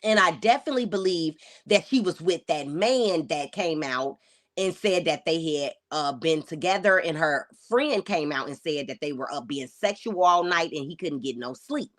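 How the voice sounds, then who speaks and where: Female livestream host, casual reaction commentary, animated swooping delivery, talks right to chat. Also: low voice, normal speed. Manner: chatty and exclamatory, addresses viewers directly.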